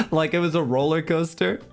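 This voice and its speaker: A young man streaming a casual chat, his voice still a little hoarse and worn, rambling through an animated story. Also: fairly high pitch. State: hoarse, recovering voice.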